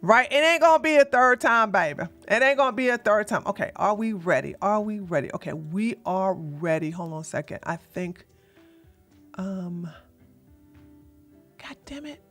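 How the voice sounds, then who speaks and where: A woman's voice: medium pitch, normal speed, a bit bright, faint music behind. A woman hosting a casual livestream, rambling and flustered as she fixes her setup while talking bluntly and sassily to her chat. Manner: blunt and sassy, mild cursing. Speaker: livestream host.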